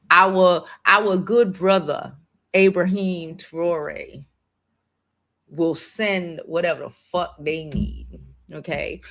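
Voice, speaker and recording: A woman's voice: lowish voice, steady tone, slow pace, a bit bright. A woman hosting a casual livestream, talking in an emphatic, emotional way and swearing freely. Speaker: livestream host.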